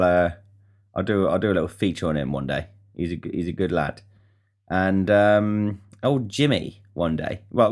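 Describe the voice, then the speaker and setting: A young man with a low voice hosts his own podcast. He talks bluntly and swears his way through a casual rant. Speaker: podcast host. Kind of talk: casual monologue.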